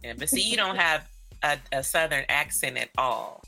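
A woman from Northern California co-hosts a podcast in an easygoing, slangy chat. Her voice is sharply forceful and bright, set against faint music. She laughs easily as she talks. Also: low-pitched, lively intonation, normal speed, creaky. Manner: slangy, laid-back, laughs often. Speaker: podcast co-host.

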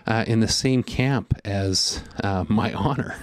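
Earnest low-voiced male preacher, dry sound. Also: a little slow, few pauses, dry recording. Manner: earnest, conversational, with fillers and voiced inner monologue. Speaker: pastor. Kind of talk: sermon.

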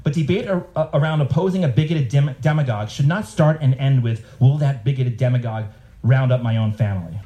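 A man's voice: medium pitch, fairly quick, warm tone. A man, a cartoonist, giving a live reading of his comics with sarcastic asides and mocking voices.

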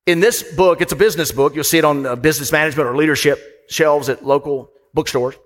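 A man's voice: fairly high pitch, fast talker. A man delivering a sermon as pastor, conversational and storytelling, with asides to the congregation. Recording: long hall reverb.

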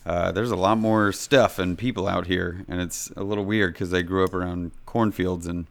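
A man's voice: low voice, fairly even intonation, normal speed, gravelly. A man from Kansas, co-hosting a podcast and telling stories in a rambling, upbeat way. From Kansas, USA. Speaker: podcast co-host. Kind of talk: casual podcast chat.

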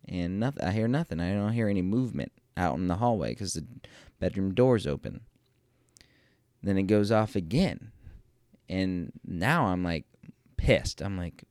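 A man with a lowish, smooth voice tells a rambling personal story, self-deprecating and sprinkled with swearing. The sound is close and dry, with no room to it. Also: a little mellow, dry recording.

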